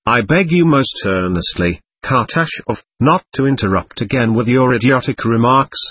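A man reading a novel aloud, voicing a proud teenage schoolboy who talks in a brisk, earnest and irritable way. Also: medium pitch, animated, fairly bright tone, slight background noise, natural voice.

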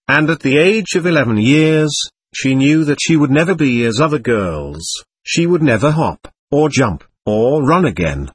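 Earnest male reader, measured and solemn; husky, lively pitch, dry sound. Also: dry recording. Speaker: narrator. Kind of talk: solemn reading of a spiritual text.

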